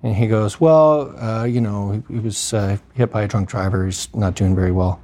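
With a fairly low, darkish voice at a moderate pace, a man shares an emergency medicine story conversationally. He acts out the quoted dialogue and leans on frequent fillers.

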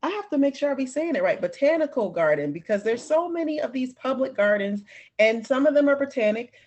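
A woman hosting a podcast in animated, playful casual chat, laughing often. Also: high-pitched, fast talker. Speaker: podcast host.

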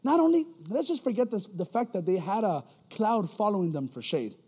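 A man with a strikingly high voice delivers a lively, informal sermon in a church. He talks to the congregation like friends, slips into slang and acts out the people he quotes. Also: fairly quick, breathy edge, long reverb tail. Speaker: church elder preaching. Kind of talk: casual sermon.

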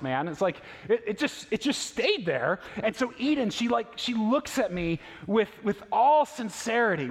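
Male pastor, 30s-40s, high voice; casual, story-driven sermon full of questions; recorded in a big reverberant sanctuary. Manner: conversational storytelling with rhetorical questions. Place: church sanctuary. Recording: long reverb of a large church hall.

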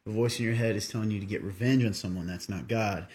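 A man's voice: lowish voice, steady tone, quick pace, a little mellow. A man hosting a casual faith podcast, plainly and steadily answering questions about the Bible. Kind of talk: casual teaching talk.

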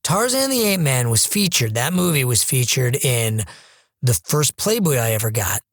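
A man's voice: medium pitch, sing-song, moderate pace, no room sound, clean studio sound. A man co-hosting a podcast, telling rambling nostalgic stories about movies. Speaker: podcast co-host. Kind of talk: casual movie chat.

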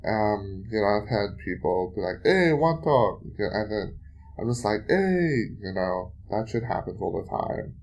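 A man's voice: on the low side, level tone, normal speed, vocal fry, a little mellow. A man hosting his own podcast, telling a story in a casual solo monologue, swearing often and venting with exasperation between many fillers. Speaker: podcast host.

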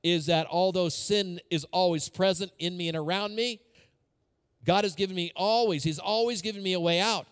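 A man's voice: high voice, normal speed, smooth, in a large hall. A man preaching a sermon as a pastor, talking conversationally with personal stories and repeated phrases.

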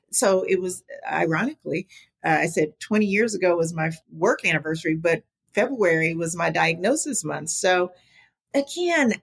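A middle-aged woman, a podcast guest, telling her story candidly in an animated, conversational way. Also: mid-range voice, gravelly, slightly rough. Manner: animated, talks to the host as "girl". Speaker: podcast guest, small business advocate.

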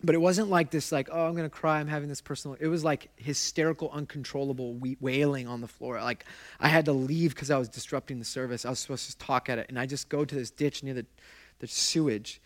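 A man's voice: mid-range voice, fairly even intonation, a little fast. A male pastor delivering a sermon in a middle-range voice. He talks conversationally, drawing the congregation in with questions. He tells his stories with passion. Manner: impassioned storytelling.

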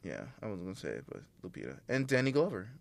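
A man's voice: lowish voice, big pitch swings, quick pace, gravelly. A man co-hosting a casual podcast chat, giving rambling, profane opinions with lots of fillers.

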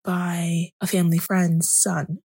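A young woman hosting a podcast, telling her personal story in a soft-spoken way that often drops to a whisper. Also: fairly low pitch, little pitch movement, slow pace, creaky, slightly rough, no room sound. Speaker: podcast host.

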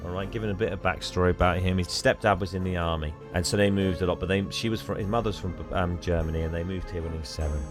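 An English man co-hosting a casual podcast, retelling a story and putting on quick voices for the characters' lines. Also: low-pitched, fairly even intonation, music in the background. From England. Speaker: podcast co-host. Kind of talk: casual chat retelling a film plot.

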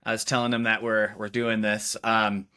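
Casting: young male co-host, bright forceful tone, slightly low voice, relaxed anecdote style. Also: moderate pace. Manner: relaxed, lots of "like" and "you know" fillers. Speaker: videographer, podcast co-host. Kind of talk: casual storytelling chat.

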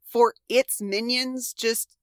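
A woman with a high voice co-hosting a podcast in casual chat. She is playful and wry and tosses in the odd swear word. She is recorded close and dry. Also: fairly even intonation, slow, smooth, dry recording. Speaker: podcast co-host. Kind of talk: casual chat about a TV show.

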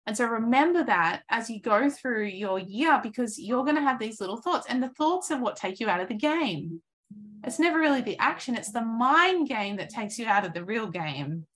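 A woman in her thirties giving an earnest, encouraging coaching talk, acting out inner thoughts in lively voices. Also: a little high, normal speed. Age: 30s.

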